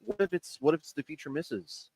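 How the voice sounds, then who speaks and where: A man's voice: a little high, quick pace, darkish tone, no echo. A man co-hosting casual sports radio banter, laid-back and teasing, laughing often. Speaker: radio co-host.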